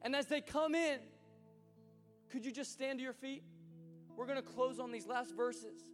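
High-voiced male pastor preaching. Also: normal speed. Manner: animated storyteller, conversational. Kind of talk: sermon. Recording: hall reverb with soft music.

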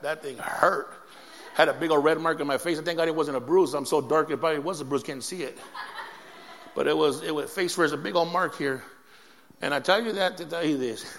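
A man preaching a sermon, telling a story with lively, laughing energy. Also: on the high side, vocal fry, in a large hall, a little hiss or hum. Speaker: pastor.

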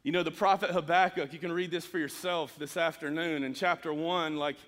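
Bright-voiced preacher in a reverberant hall. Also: male voice, a little high, fairly even intonation, fairly quick. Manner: earnest preaching, rising to emphatic scripture reading. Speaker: pastor. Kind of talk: sermon.

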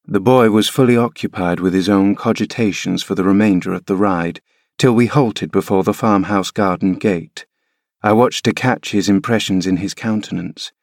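A man reading a classic novel aloud as scripted narration, measured and unhurried. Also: lowish voice, no room sound, clean studio sound. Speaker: audiobook reader.

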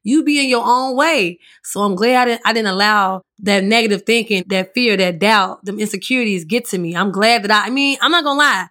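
A woman with a raspy voice hosting her own podcast, telling her story in a candid, chatty way and swearing freely. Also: mid-range voice, a little fast, few pauses, a bit bright. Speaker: podcast host. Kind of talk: casual solo podcast monologue.

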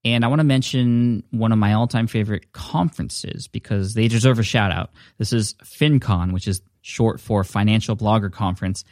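Upbeat low-voiced male podcast host. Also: normal speed, hardly any pauses, a little mellow, no echo, clean studio sound. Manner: upbeat, conversational, chatty asides. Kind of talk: casual solo podcast talk. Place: home studio. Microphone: studio dynamic mic at a desk.

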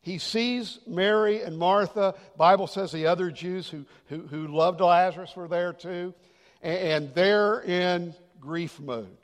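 A male pastor delivers a sermon with a high voice. He drives points home loudly, then drops to a hushed near-whisper. The long reverb of a big church hall trails every phrase. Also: unhurried. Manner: dynamic preaching, swings from loud emphasis to hushed near-whisper.

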